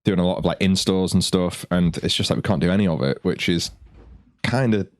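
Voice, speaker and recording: A man's voice: sits low, brisk, no room sound, clean studio sound. A man telling stories as a podcast guest, in a loose, sweary chat with lots of "like". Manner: loose storyteller, swears freely, frequent "like". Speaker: podcast guest, band guitarist.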